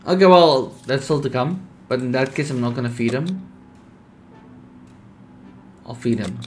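A young man casually commenting on a survival game, reading its text aloud, laid-back and sleepy with sudden bursts of excitement. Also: mid-range voice, a little slow, a little hiss or hum. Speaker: streamer.

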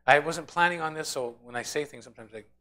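A man's voice: on the high side, racing, a bit bright. A man teaching a Bible study in an informal sermon style, telling stories animatedly and acting out the voices of the people in them.

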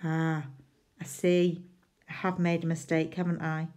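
A woman's voice: deep voice, monotone, measured pace, darkish tone. A woman teaching a phonics lesson to young children, sounding out letters and playfully pretending to make mistakes. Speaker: primary school teacher.

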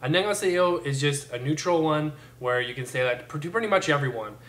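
A man's voice: fairly high pitch, animated, very fast, a bit bright, roomy sound. A young man giving a playful, jokey language lesson, sometimes exaggerating how he moves his mouth. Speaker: language teacher.

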